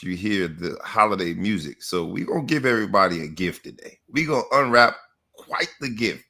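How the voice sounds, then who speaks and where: A man hosting a sports talk podcast with energetic, rhythmic hype delivery. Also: low voice. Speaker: podcast host.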